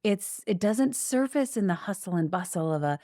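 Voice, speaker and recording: A woman hosting a podcast interview who reflects back on her guest's story in a calm, affirming way. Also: medium pitch, normal speed, no echo, studio quality. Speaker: podcast host.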